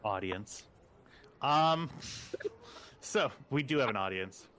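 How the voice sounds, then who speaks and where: Lively-pitched man running a tabletop game. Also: slow, slight background noise. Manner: animated rambling storyteller, squeaky high voice for quotes. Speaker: game master. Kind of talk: casual pre-game banter and game narration.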